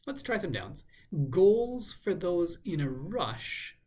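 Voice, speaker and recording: A man thinking aloud in a measured, musing way as he works through a crossword, now and then correcting himself. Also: sits high, very animated, darkish tone. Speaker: crossword solver. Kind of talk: thinking aloud while solving a puzzle.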